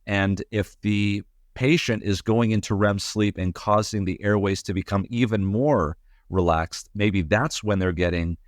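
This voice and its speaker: A man's voice: on the low side, fairly even intonation, unhurried, no echo, studio quality. A man, a sleep medicine doctor, explaining clinical matters in a radio interview, with frequent fillers.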